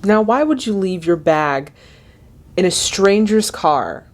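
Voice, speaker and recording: A woman's voice: mid-range voice, animated, slow pace, a little mellow, a little hiss or hum. Giggly chatty woman reacting to a film. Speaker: movie reaction host. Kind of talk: casual movie reaction commentary.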